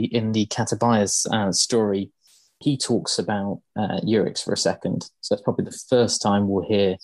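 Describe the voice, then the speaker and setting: Low-voiced man rambling through lore. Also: a little mellow, dry recording. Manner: rambling with many ums and uhs. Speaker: podcast host. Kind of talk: casual chat explaining game lore.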